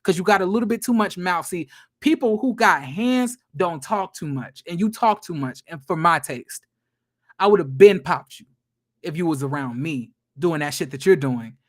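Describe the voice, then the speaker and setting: A man giving a casual reality TV recap, with a blunt, profane and gossipy manner that is animated and quick to laugh. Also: a little high.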